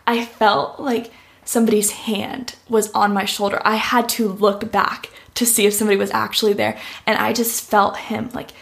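This young woman, an interview guest, delivers a heartfelt personal story peppered with "like." She speaks at normal speed in a creaky, fairly bright voice of medium pitch and level tone.

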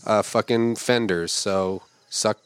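A man hosting a comedy podcast, roasting names from film credits with crude, profane insults. He reads each name slowly, then fires off the joke quickly. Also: lowish voice, fairly even intonation, clean tone, no echo. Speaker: podcast host.

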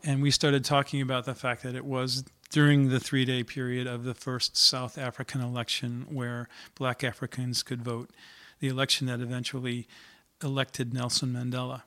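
A man's voice: medium pitch, monotone, moderate pace, fairly bright tone. A middle-aged man, a singer-songwriter, telling in an earnest, reflective way how he came to write a song. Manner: reflective, earnest storytelling with fillers. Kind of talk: spoken story about writing a song.

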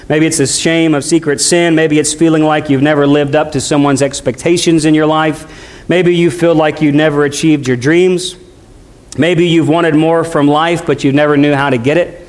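A middle-aged man, a pastor, preaching a sermon in a conversational way, speeding up and slowing down as he tells a story. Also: a little high. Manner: conversational preaching with shifting pace.

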